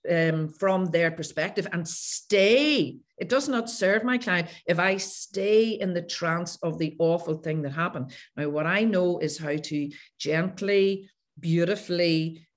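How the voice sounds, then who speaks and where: A woman coach, a podcast guest telling her own stories with animation and acting out past conversations. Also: fairly low pitch. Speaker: guest, coach who works with clients. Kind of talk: podcast interview storytelling.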